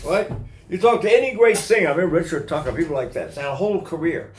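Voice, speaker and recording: A man's voice: a little high, fast, slight background noise. Older male voice teacher in a roomy echo. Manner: animated, demonstrates with sung vowels and laughs. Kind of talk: singing lesson with sung examples.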